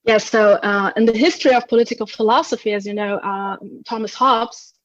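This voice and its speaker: A woman guest philosopher answering interview questions in a measured, explanatory way. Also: fairly high pitch, fairly even intonation, muffled recording.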